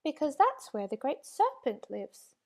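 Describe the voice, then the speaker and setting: A woman voicing a timid, tiny lost forest creature, male, in a storybook reading, high and anxious. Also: wildly swooping pitch, a little slow, full character voice. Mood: scared.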